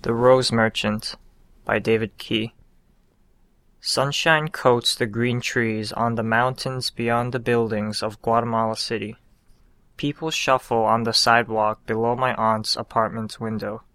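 A man reading his own short story aloud in a calm, unhurried storytelling manner. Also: mid-range voice, no room sound. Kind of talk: scripted narration of a short story.

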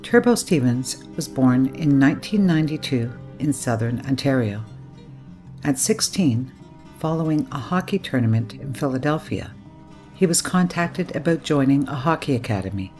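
A woman hosting a radio story program, reading a scripted introduction in a measured, formal announcing manner. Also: a bass voice, animated, a little mellow, soft background music. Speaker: radio story show host.

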